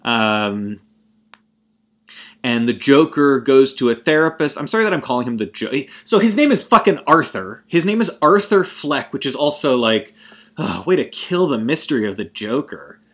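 A young man talking casually about a film in a voice of ordinary pitch. He rambles and swears, constantly breaking off and restarting his sentences. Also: expressive, normal speed. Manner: rambling and profane, frequent self-interruptions. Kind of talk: casual movie rant.

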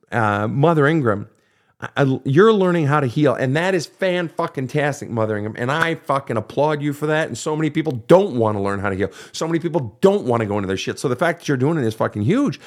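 A man's voice: mid-range voice, lively intonation, fairly quick. Blunt profane man giving relationship advice. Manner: quotes people in mocking voices. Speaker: podcast host and counselor. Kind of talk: casual advice monologue.

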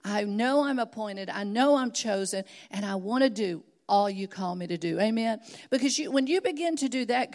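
A middle-aged woman preaches, her voice sitting a little higher than most. She tells her stories earnestly and then presses her point home with emphatic, rising exhortation. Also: a little mellow. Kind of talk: sermon.

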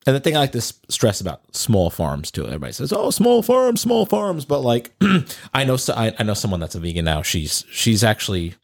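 A man with a New Jersey accent talks casually on a podcast. He rambles and halts, restarting his sentences. His voice sits fairly low. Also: animated. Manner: rambling, halting, many restarts.

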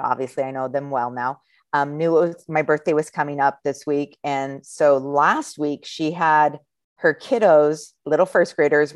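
Animated woman in her fifties telling stories. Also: sits low, no echo. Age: 50s. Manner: animated storyteller, acts out voices of kids. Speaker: podcast co-host, school counselor. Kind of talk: casual chat, storytelling.

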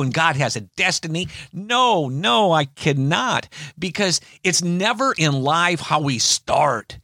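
A man's voice: sits high, no room sound, studio quality. An older man preaching an encouraging sermon, chuckling often and stretching words out for emphasis. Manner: lively, chuckling, drawn-out emphasis. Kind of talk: inspirational sermon.

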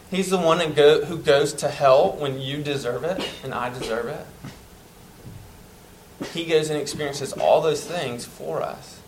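A man preaching a sermon, earnest and emphatic, dropping to soft tones at tender moments. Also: on the high side, unhurried, slight background noise, low-quality recording.

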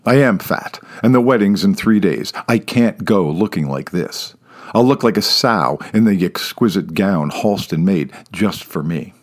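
A man voicing a reckless, bossy rich young woman in a spoken story, keeping close to his own low voice. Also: expressive, measured pace. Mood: whiny.

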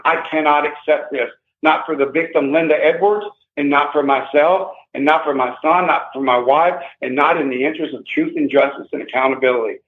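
An older man with a somewhat high voice speaks emphatically and with agitation, often repeating his words. He comes through a thin, tinny phone line with a hollow echo. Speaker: interview guest. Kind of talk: emotional first-person account.

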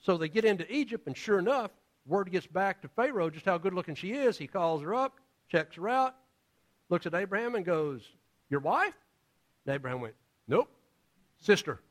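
A man's voice: high voice, lively intonation, fairly quick. A male pastor preaching a sermon in a casual, storytelling way, acting out the characters in his stories. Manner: casual, storytelling with acted-out voices.

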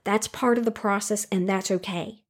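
A woman's voice: medium pitch, moderate pace. Earnest woman teaching about emotions. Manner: calm, earnest, speaks directly to the listener; repeats key phrases for emphasis. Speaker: Christian self-help speaker. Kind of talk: teaching monologue on handling anger.

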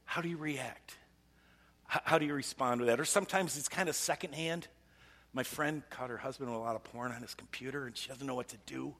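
A man's voice: medium pitch, fairly quick, fairly bright tone. A man preaching a conversational sermon as pastor, putting rhetorical questions to the congregation. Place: church service. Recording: long reverb of a large hall.

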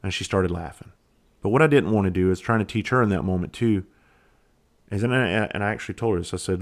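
A man hosting a podcast, talking candidly and reflectively, blunt and quick to swear. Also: low voice. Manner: reflective, halting. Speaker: podcast host. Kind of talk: casual solo podcast monologue.

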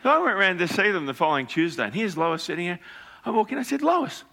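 A male pastor preaching through lively, animated stories. His voice sits a little high and sounds bright and forceful. He slips into the people he quotes as he tells each story. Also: quick pace, creaky. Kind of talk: storytelling sermon.

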